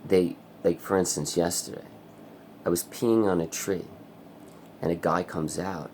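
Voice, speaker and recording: A man's voice: deep voice, level tone, takes it slowly, gravelly, pauses often, darkish tone, a little hiss or hum. A man angrily ranting in a personal vlog, swearing a lot. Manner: angry, profane ranting. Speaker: vlogger. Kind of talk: vlog rant.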